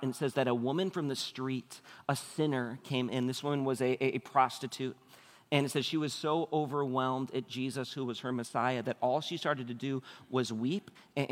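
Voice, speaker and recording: A man in his thirties preaching a sermon as a pastor, telling stories with animated acted-out voices. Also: a little high, long reverb tail. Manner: animated storytelling, acts out quoted voices.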